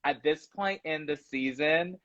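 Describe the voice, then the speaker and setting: A man's voice: on the high side, a little slow, a bit bright. A young man chatting casually as a guest on a live stream, rambling with lots of fillers. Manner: rambling, hesitant, many fillers. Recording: dull lo-fi phone audio.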